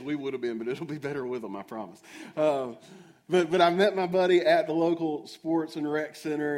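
A man's voice: a little high, darkish tone. A man preaching a sermon, telling a self-mocking story and asking the audience questions directly.

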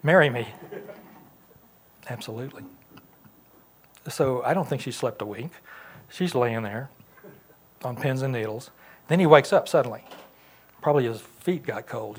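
A man's voice: medium pitch, darkish tone, slightly rough. A man teaching a Sunday school class in a church classroom, talking conversationally and asking the class questions.

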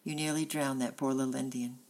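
A woman's voice: rumbling low, fairly even intonation, brisk, darkish tone. A woman reading aloud as a kindly farmer who earnestly reproaches a boy. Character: big, kindly farmer, firm but gentle man.

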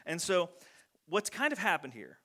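A man with a high, bright voice preaching a laid-back sermon. He talks animatedly, drops in plenty of "like", and slips into voices to act out what people said. The tone is forceful and bright. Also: normal speed. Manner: animated, acts out quotes in voices, many "like" fillers. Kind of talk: casual conversational sermon.

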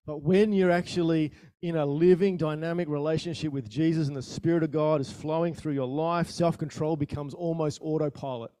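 A man preaching a sermon in a conversational style, asking the listeners questions and telling stories with sudden bursts of loudness. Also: on the high side, a little fast, hardly any pauses, dry recording. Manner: animated storytelling with sudden rises in volume. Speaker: pastor.

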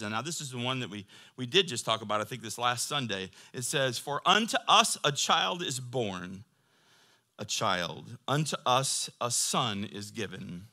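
A man's voice: medium pitch, bright, forceful tone. A man preaching a sermon to his church in a conversational, joking way, reading scripture between asides. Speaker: pastor.

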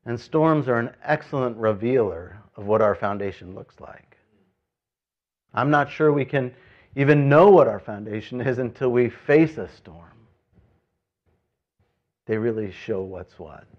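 Muffled pastor preaching conversationally. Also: male voice, mid-range voice, animated, measured pace, pauses often. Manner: conversational preaching with sudden loud emphasis and quiet asides. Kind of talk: sermon.

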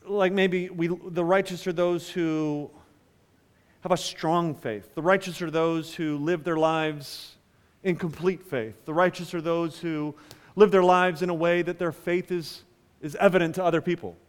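A man preaching a sermon as pastor, swinging between loud emphatic lines and hushed asides. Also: fairly high pitch, steady tone, unhurried, clean tone, in a large hall.

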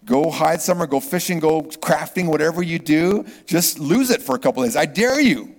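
A middle-aged man preaching a sermon, swinging from loud exclamations to hushed whispers. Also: a little high, moderate pace. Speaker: pastor. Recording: long reverb of a large hall.

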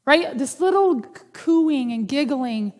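Unhurried and easygoing, a woman pastor preaches a sermon in a somewhat high voice, working jokes into her teaching. The audio carries a long, hall-like reverb.

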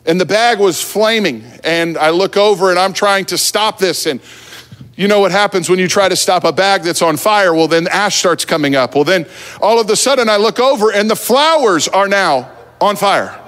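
A man from New Jersey preaching a sermon, telling a funny story about himself in a relaxed, conversational way from the pulpit. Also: high-pitched, normal speed. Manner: humorous, self-deprecating, conversational. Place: church sanctuary at the pulpit. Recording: long church hall reverb.

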